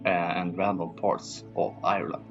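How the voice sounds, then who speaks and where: Hesitant deep-voiced young man presenting. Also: little pitch movement, highs cut off, over music. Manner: hesitant, many filler pauses. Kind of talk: reading a school presentation.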